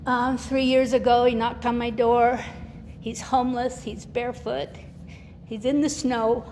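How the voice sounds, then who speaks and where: A woman's voice: fairly high pitch, fairly even intonation, a little slow, creaky. An older woman giving a candid, emotional personal testimony as a guest speaker at a recovery meeting, laughing often and acting out the voices of people she quotes. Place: meeting hall. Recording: reverberant hall with faint noise.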